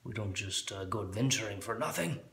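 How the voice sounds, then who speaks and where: A man doing a gruff brogue-talking dwarf. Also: on the low side, expressive, a bit bright, roomy sound, a little hiss or hum. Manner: slow, rolling put-on brogue. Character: gruff adventuring dwarf, male.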